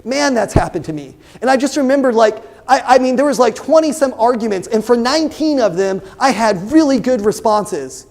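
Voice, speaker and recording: A young man teaching a debate class, lively and constantly asking his students questions. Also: high-pitched. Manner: animated, asks the class questions. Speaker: debate instructor. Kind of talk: classroom lecture.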